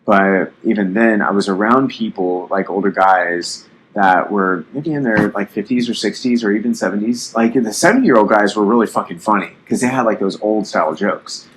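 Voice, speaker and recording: A man's voice: fairly low pitch, moderate pace, hardly any pauses, slight background noise, low-quality recording. A young man in his twenties hosting a casual podcast, rambling bluntly with lots of swearing and fillers; his voice sounds youthful. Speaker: podcast host.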